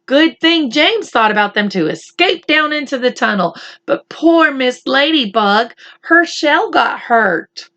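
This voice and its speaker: A woman reading a chapter book aloud for children in a gentle, teacherly way, talking to the boys and girls. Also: sits high, expressive, a little slow, lo-fi sound. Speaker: children's story reader. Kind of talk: read-aloud for kids.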